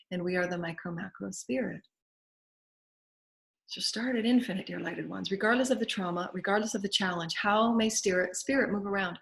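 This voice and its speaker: A woman's voice: mid-range voice, a little fast, creaky, a bit bright. A woman with a Southern US accent hosting a spiritual show, leading guided affirmations and prayer in a repetitive, incantatory way.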